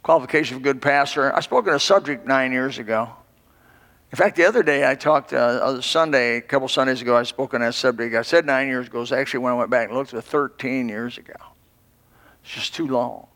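A man's voice: medium pitch, quick pace, a bit bright. A man in his sixties, a pastor giving a folksy, rambling sermon full of restarts. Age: 60s. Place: church. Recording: long hall reverb.

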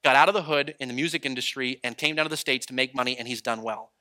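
A man who is a traveling preacher, telling stories in a sermon in an animated way and acting out the people he quotes. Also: medium pitch, fast talker. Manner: animated storytelling, acts out quoted voices. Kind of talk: storytelling sermon.

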